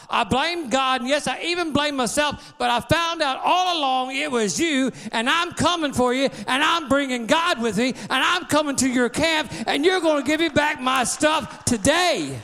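A man's voice: extremely high pitch, fairly bright tone. A man preaching a sermon, declaring and repeating calls to the congregation with a drawling folksy grammar. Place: church sanctuary. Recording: long reverb in a church hall.

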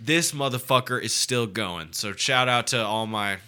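A man co-hosting a podcast in casual chat, animated and swearing freely. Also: medium pitch, normal speed, clean tone. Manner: animated, swearing, acts out quoted voices. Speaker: podcast co-host.

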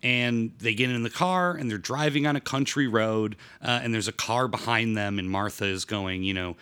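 A man hosting a casual film podcast, recapping plots in a halting way with many fillers. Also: lowish voice, a bit bright, clean tone. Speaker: podcast host.

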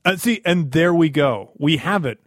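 A man's voice: a little high, expressive, normal speed, a bit bright, no room sound, studio quality. A man co-hosting a podcast, encouraging and coaching the others in casual chat.

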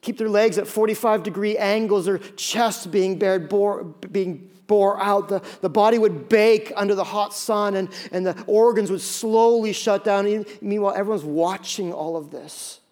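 A middle-aged man preaching a sermon as pastor, dramatic and often dropping to a hushed tone. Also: sits high, normal speed, few pauses. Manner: dramatic, acts out quoted voices, drops to hushed tones.

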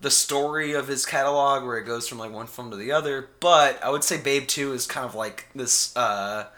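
Bright-voiced chatty male podcast host. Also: medium pitch, normal speed. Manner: chatty, lots of "like" and "uh". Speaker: podcast co-host, film reviewer. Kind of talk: casual chat.

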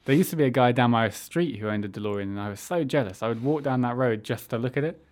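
A man's voice: mid-range voice, fast talker, darkish tone. Teasing man in casual chat. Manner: argumentative, teasing. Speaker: podcast co-host.

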